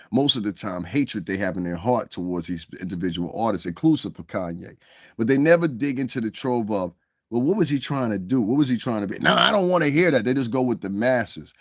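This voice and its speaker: Middle-aged man, mid-pitched voice, fiery profane vlog rant, dry close sound. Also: a little mellow, no room sound. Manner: heated, profane, emphatic, repeats "you understand what I'm saying". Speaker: commentary vlogger. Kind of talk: profane ranting commentary.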